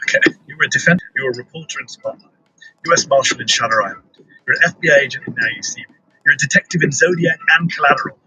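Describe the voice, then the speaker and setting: A man interviewing a guest with upbeat, teasing and flattering questions. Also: mid-range voice, very fast, a crowd in the background, rough recording. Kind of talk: talk-show interview.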